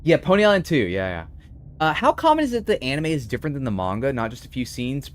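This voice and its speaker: Speaking fast in a medium-pitched voice, a streamer chats animatedly while playing a game, reading chat and replying to viewers in casual conversation.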